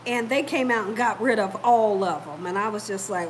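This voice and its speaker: A woman's voice: mid-range voice, normal speed, slight background noise, rough recording. A woman, hosting a home cooking video in her kitchen and chatting to viewers like a storyteller. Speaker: cooking channel host. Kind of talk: casual home cooking chat.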